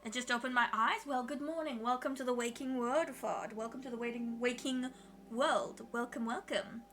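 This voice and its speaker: A woman's voice: on the high side, normal speed, fairly bright tone, a little hiss or hum. A woman streamer chatting casually with her viewers while she draws, swearing freely and laughing often.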